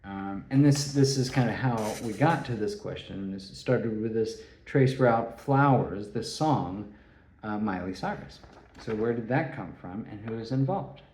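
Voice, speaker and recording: A man giving a rambling solo talk, halting and restarting his phrases. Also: lowish voice, lively intonation, a little mellow, slight background noise. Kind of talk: rambling spoken monologue. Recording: echoey room.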